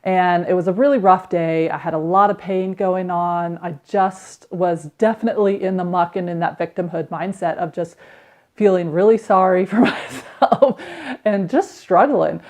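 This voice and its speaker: A woman's voice: on the low side, darkish tone. A woman in her thirties, a podcast host, reflectively telling a candid personal story about healing. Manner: candid, reflective, with quick acted quotes.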